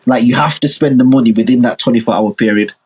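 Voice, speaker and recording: Husky-voiced young man chatting. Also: mid-range voice, fast. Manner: animated, argumentative, mimics other people. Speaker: podcast co-host. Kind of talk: casual chat.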